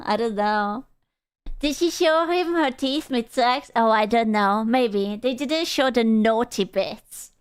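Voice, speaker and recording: High, smooth-voiced young woman streamer. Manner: playful, crude and giggly. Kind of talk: casual livestream chat.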